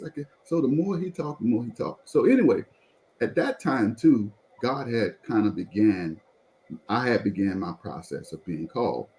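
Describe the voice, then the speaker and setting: A male pastor shares a personal testimony conversationally, animated and repeatedly pulling the listener in to follow along. He has a mid-range voice at a moderate pace, and the audio quality is poor.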